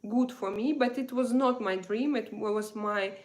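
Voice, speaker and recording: A woman from Russia with a Russian accent, hosting a casual live chat, slow and hesitant with many fillers. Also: on the high side. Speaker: live stream host. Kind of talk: casual live chat reading viewer comments.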